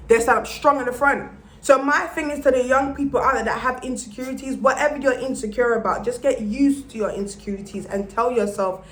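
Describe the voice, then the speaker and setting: A woman's voice: sits high, a little fast, a bit bright. A young woman giving a blunt, profane motivational vlog rant and slipping into Jamaican-style patois. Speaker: vlogger. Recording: roomy echo.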